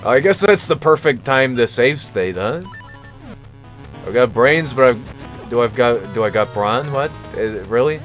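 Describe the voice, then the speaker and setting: A man's voice: medium pitch, lively intonation, measured pace, faint music behind. A man streaming a video game and commenting casually, with profane, self-mocking jokes.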